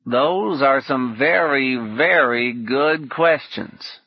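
A man playing a thoughtful, grave figure in an audiobook. He speaks slowly, firmly and deliberately. The voice is husky, on a dull lo-fi recording. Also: medium pitch, dry recording, natural voice. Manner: slow, deliberate, meaningful.

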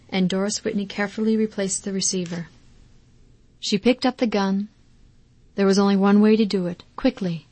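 A woman narrating an audiobook in a measured, calm way. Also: mid-range voice, dry recording. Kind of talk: scripted narration.

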